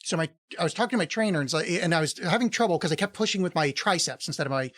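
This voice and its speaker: A man's voice: fairly high pitch, lively intonation, rapid-fire, a bit bright, dry recording, studio quality. A middle-aged man co-hosting a podcast, telling rambling stories in casual chat, laughing often and swearing freely. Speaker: podcast co-host.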